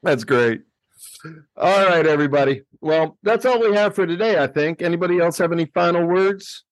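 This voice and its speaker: A man's voice: a little high, moderate pace, no room sound, studio quality. A man hosting a casual podcast, running a quiz game in a laid-back, joking way.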